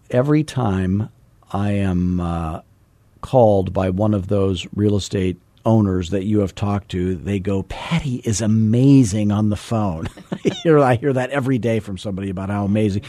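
A man's voice: low-pitched, normal speed, dark tone, no echo. A middle-aged man hosting a podcast, coaching in a casual, joking, folksy way. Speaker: podcast host and real estate coach.

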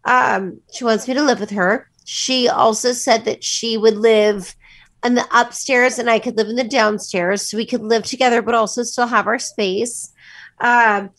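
A woman's voice: a little high, measured pace, fairly bright tone. A woman co-hosting a morning show, chatting in a gushing way, laughing often, and reading the news. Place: broadcast studio.

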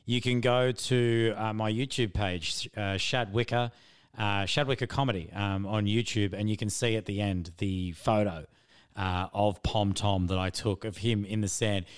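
An Australian man hosting a podcast, talking casually to listeners in a relaxed, halting way with many fillers. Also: fairly low pitch, smooth. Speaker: podcast host.

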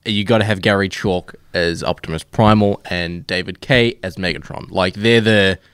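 A man hosting a casual podcast, chatty and animated, laughing often. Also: low voice, moderate pace, clean tone, no room sound, studio quality. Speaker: podcast host.

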